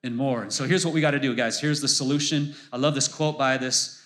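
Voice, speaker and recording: A man's voice: mid-range voice, fairly even intonation, brisk, a bit bright. A middle-aged man preaching a sermon as pastor, conversational and emphatic, repeating phrases for emphasis.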